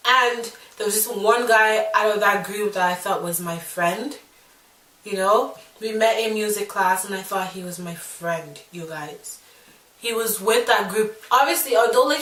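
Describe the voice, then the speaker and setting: A woman in her twenties from Nigeria, telling a storytime vlog in a sassy, animated way with lots of fillers. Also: mid-range voice, distant mic. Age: 20s. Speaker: vlogger. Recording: echoey room, mic set back.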